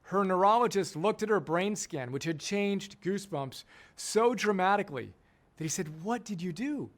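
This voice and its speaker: Emphatic high-voiced man teaching. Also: expressive, moderate pace. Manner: emphatic, repeats key phrases. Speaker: coach and program founder. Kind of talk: enthusiastic teaching talk.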